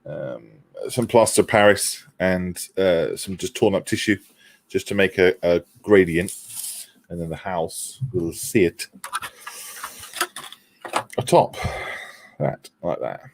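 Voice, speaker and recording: A man's voice: low voice, slow pace, pauses often. A man hosting a casual model-making livestream, chatting, laughing and reading out viewer comments. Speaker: livestream host.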